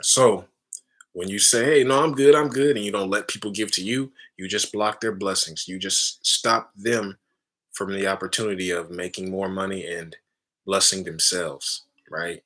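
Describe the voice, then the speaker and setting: A man's voice: low-pitched, fairly even intonation, moderate pace, sharp tone. A man giving a casual spiritual teaching talk, calling listeners family and often adding "right?". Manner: casual, addresses listeners as family, frequent tag questions.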